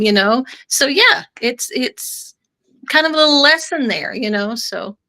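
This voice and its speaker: A woman's voice: high voice, expressive, unhurried, sharp tone. A middle-aged woman from Northern Ireland, with no trace of an Irish accent, chatting as a guest and rambling through her stories. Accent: American, no Irish accent. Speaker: guest author. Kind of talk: casual chat.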